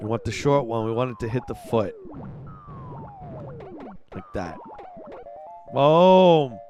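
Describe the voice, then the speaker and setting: A man giving excitable live commentary while playing a game, yelling and groaning at it. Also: medium pitch, slow, long pauses, music in the background. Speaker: livestreamer.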